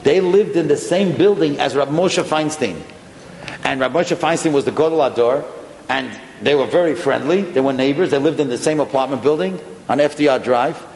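Animated man telling a story in a hall. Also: on the high side, normal speed. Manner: animated, acts out dialogue. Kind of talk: storytelling talk. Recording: echoey hall with faint noise.

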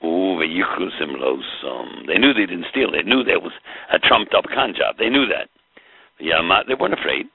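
A man's voice: deep voice, expressive, normal speed, vocal fry, breathy edge, no room sound. A man teaching a Torah class, explaining with rhetorical questions and mixing in Hebrew terms. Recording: tinny phone-like line.

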